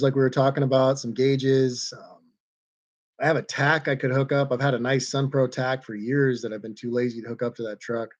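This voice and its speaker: A man hosting a casual livestream, reading viewer comments aloud in a relaxed, chatty way. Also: mid-range voice, a little fast. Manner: laid-back, reads viewer comments aloud and chuckles between them. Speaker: livestream host reading chat. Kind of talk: casual chat.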